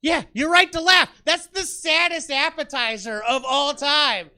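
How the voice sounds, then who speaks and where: High, bright-voiced ranting male comic. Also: measured pace, hardly any pauses. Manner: exasperated, ranting, self-deprecating. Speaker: stand-up comedian. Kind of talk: stand-up comedy set. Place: small comedy theater with a live audience.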